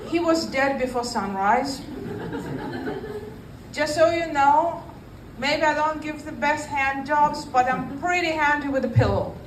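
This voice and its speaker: A woman in her fifties doing a stand-up comedy set, telling a story in a dry, deadpan way. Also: high-pitched, measured pace, noisy background. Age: 50s. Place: comedy club stage. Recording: roomy live club, mic from a distance, faint ambience.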